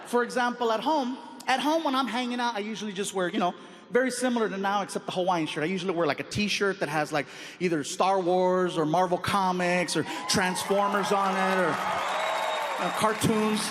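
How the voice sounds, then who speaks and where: A man in his late thirties telling stand-up stories in an animated, loud, playful way on a large theater stage. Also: high-pitched, a little fast. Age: 30s. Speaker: stand-up comedian. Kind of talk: stand-up storytelling. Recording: echoey hall with crowd noise.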